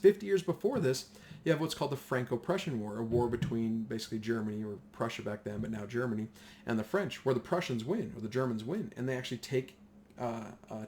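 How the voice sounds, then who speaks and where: Male history teacher, casual and animated, mid-range voice, slight background hiss. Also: medium pitch, gravelly. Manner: chatty, animated, acts out voices of nations.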